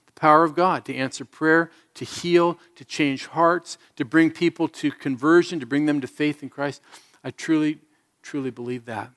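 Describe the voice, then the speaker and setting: Middle-aged pastor preaching a storytelling sermon. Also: male voice, on the high side, fairly even intonation, normal speed, a bit bright. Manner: storytelling, earnest and self-mocking. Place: church service before a congregation.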